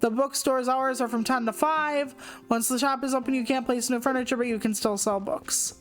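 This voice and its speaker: Woman doing a smug floating book guy, cheeky guide in a cozy game, high voice. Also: fairly even intonation, moderate pace, natural voice. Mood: instructive. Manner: snarky, smug shopkeeper's guide. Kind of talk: reading game dialogue aloud.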